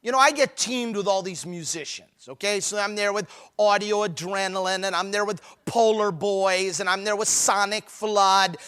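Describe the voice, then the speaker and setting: A man's voice: high voice, sharp tone. A man giving a humorous, emphatic talk at a marriage conference, mixing preachy urging with jokes. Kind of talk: humorous live seminar talk.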